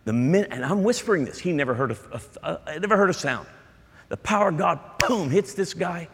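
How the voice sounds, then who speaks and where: Slightly high and husky, this pastor's voice is animated, fairly bright, and a touch fast. He addresses his congregation directly in an emphatic, chatty sermon with asides, recorded with long hall reverb.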